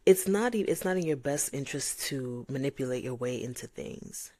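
Reflecting on her faith as a podcast host, a woman from Nigeria brings the voices of God and other people to life with animated delivery. She speaks at a moderate pace in a rumbling low voice, and the recording is dry.

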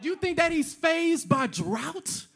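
A man's voice: very high-pitched, lively intonation, measured pace, gravelly, fairly bright tone. A pastor preaching a sermon, emphatic and repetitive, firing off rhetorical questions and slipping casual slang into his preaching.

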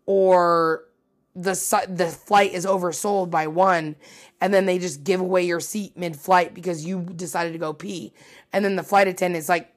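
A woman hosting a casual solo podcast, chatty and animated, swearing freely and poking fun at herself. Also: fairly low pitch, normal speed. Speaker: podcast host.

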